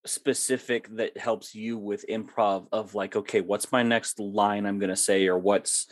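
A man hosting a podcast who runs tabletop games, asking questions in a halting, restarting way. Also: lowish voice, fairly even intonation. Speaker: podcast host and game master. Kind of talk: casual interview chat.

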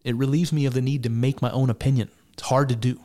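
Guy ranting about clips he's watching, wry and argumentative, stumbles and restarts a lot, ordinary mid pitch. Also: fairly even intonation, fast talker, dark tone. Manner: argumentative, wry, peppered with restarts and mock laughs. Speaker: commentator reacting to clips. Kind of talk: casual spoken commentary.

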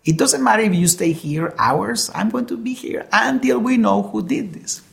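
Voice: medium pitch, normal speed, creaky, pitched above the performer's own voice. A preacher quoting a stern male schoolteacher in a sermon illustration, speaking firmly and instructively. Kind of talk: quoted character in a sermon story.

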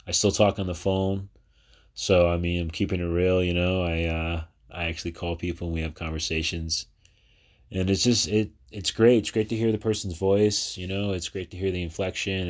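A man's voice: low voice, little pitch movement, moderate pace. A man in his thirties from New Jersey, hosting his own podcast in a chatty, rambling monologue full of fillers and restarts. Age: 30s. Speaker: podcast host. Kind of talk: casual personal podcast monologue.

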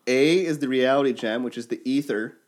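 A man in casual chat with friends, explaining fan theories in an animated way. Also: mid-range voice, a little fast.

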